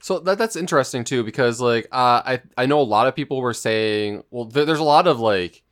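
A man's voice: mid-range voice, animated, brisk, a bit bright. A man co-hosting a casual gaming podcast, talking in a hesitant, rambling way. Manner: rambling, hesitant, with fillers and restarts. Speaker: podcast co-host.

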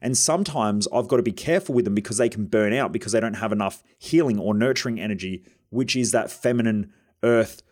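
A man's voice: on the low side, fast, a little mellow. A man hosting a podcast, talking bluntly in a casual monologue and swearing freely. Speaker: podcast host and coach.

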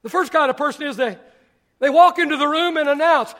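High-voiced preaching man. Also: fairly quick. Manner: dramatic preaching, shouting some lines and dropping to near murmurs; repetitive, emphatic phrasing. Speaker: pastor. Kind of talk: sermon.

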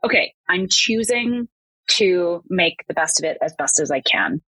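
A woman hosting a podcast interview, her voice a little low and husky. She talks in a reflective, rambling way, circling back and restarting her thoughts. The sound is dry and close. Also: animated, unhurried, pushed and bright, no room sound, low-quality recording. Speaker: podcast host.

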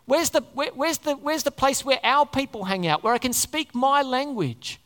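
A preacher giving a sermon to a live congregation, talking in an animated way and often putting questions to the listeners. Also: sits high, moderate pace. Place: large hall before a congregation. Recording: long hall reverb.

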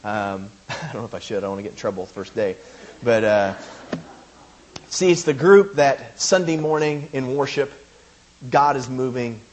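A man's voice: medium pitch, animated, normal speed. A man preaching a sermon, chatting casually and then building to emphatic preaching. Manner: conversational, rising to emphatic preaching.

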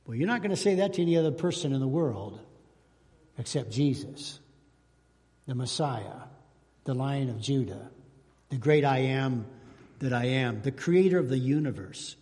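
A man's voice: mid-range voice, lively intonation, moderate pace, a little mellow, big-room sound. A man preaching a sermon as pastor, fervent, with rising emphasis and repeated phrases. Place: church sanctuary.

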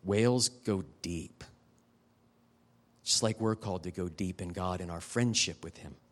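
Man preaching in a candid, conversational way. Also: sits low. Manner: personal storytelling, emotional and candid, quick asides to the audience. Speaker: guest preacher. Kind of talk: conversational sermon ending in prayer. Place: church service.

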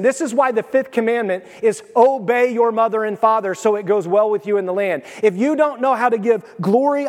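Excitable midwestern pastor guy preaching, kinda high voice, echoey sanctuary. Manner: animated, excitable preaching with sudden swings in loudness. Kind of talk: sermon. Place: church sanctuary. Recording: long reverb of a church hall.

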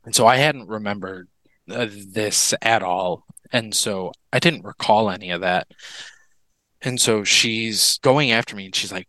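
Podcast guest, male, deep creaky voice with a bright edge, candid storytelling. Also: dry recording, poor audio. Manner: earnest and candid, with halting restarts. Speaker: interview guest. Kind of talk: personal storytelling in a podcast interview.

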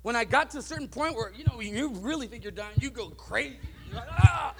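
A man preaching a sermon to his church, moving from soft, musing talk to loud, driving peaks. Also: very high voice, fast talker. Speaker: pastor.

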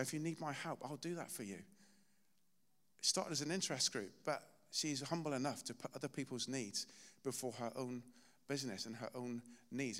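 A man's voice: medium pitch, bright, forceful tone. A man preaching a sermon in a church, telling personal stories in a conversational, self-deprecating way. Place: church hall. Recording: reverberant hall.

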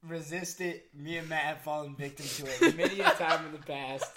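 A man's voice: a little high, big pitch swings, normal speed, crowd noise. A young man co-hosting a casual comedic chat, chiming in with emphatic advice. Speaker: co-host.

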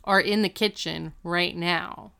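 A woman's voice: lowish voice, takes it slowly, creaky, smooth. A woman co-hosting a casual podcast, recapping a TV episode and acting out the characters' lines. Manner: animated, retells scenes and acts out the characters' lines. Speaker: podcast co-host.

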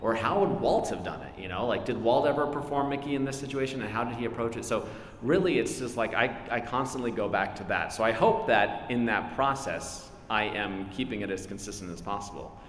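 A man's voice: mid-range voice, brisk, fairly bright tone, a little hiss or hum. A middle-aged man and voice actor answering questions at a live convention panel, chatty and self-deprecating, laughing often. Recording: echoey hall with faint crowd ambience.

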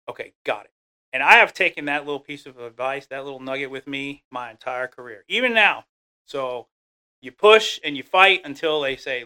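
A man's voice: fairly high pitch, normal speed. A middle-aged man in casual conversation, telling leadership stories and acting out the people he quotes. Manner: animated storyteller, acts out quoted voices. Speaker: guest speaking on leadership.

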